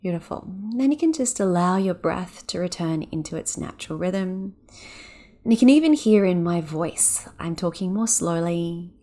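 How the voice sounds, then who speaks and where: A woman hosting a podcast who speaks with gentle, soothing guidance, leading a breathing exercise and talking with lively energy between exercises. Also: fairly low pitch. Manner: gentle, soothing, unhurried guiding; animated and quick when excited. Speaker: podcast host and yoga teacher. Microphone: podcast microphone.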